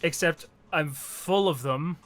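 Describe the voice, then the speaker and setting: A man's voice: fairly high pitch, slow, fairly bright tone. Wry man narrating his own gameplay. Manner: wry, self-mocking, swears. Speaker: player of a video game. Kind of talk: casual let's-play commentary.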